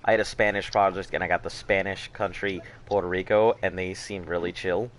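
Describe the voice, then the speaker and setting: A man's voice: sits low, fairly even intonation, fairly quick, fairly bright tone, a little hiss or hum. An American man chatting casually while gaming with friends, playful and jokey. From United States. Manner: playful, jokey, tries on accents. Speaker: gamer.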